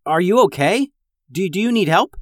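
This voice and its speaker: Brave, urgent young boy in a storybook, played by a man, high and lively. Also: normal speed, no echo, studio quality. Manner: eager, urgent.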